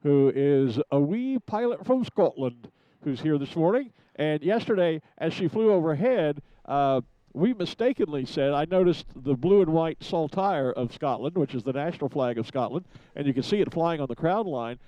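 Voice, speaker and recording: A man giving chatty live commentary from a rooftop studio, pausing often with fillers. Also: on the high side, animated, dark tone, dry recording, highs cut off. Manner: chatty, hesitant with many fillers. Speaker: event commentator.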